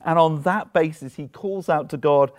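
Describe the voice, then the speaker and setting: A man's voice: a little high, moderate pace. A man preaching a sermon, retelling a Bible story with rhetorical questions and acted-out lines.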